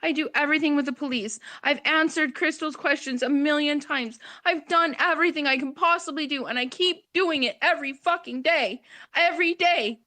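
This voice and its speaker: A distraught woman pleads over and over in a raw, urgent way, a mother begging to be understood. Her voice sits high, recorded close and dry with no room sound. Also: a little fast, sharp tone, no room sound. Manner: pleading, raw, repeating herself. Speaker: mother of a missing child. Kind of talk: emotional plea on a livestream call.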